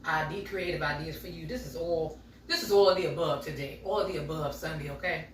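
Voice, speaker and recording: A woman's voice: sits low, fairly quick, slight background noise. A middle-aged woman, chatting to her viewers as she bakes in her home kitchen. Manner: chatty, talks straight to viewers as y'all. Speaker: home baking vlogger. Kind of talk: casual chatty vlog while baking. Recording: echoey kitchen, mic from far off.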